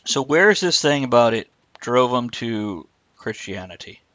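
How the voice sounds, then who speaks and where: A man's voice: medium pitch, very animated, a little slow, a bit bright, no echo, highs cut off. A man co-hosting a live stream, rambling casually and breaking off mid-thought. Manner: rambling, self-interrupting, reads chat aloud. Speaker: livestream co-host.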